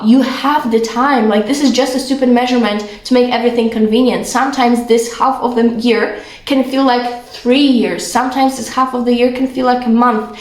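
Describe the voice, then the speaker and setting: A young woman with a Polish accent talks through a casual vlog in earnest, rambling bursts thick with fillers. Her voice sits a little high. The room around her is echoey. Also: steady tone, fairly quick. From Poland. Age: young adult. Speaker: vlogger. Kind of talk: casual monologue.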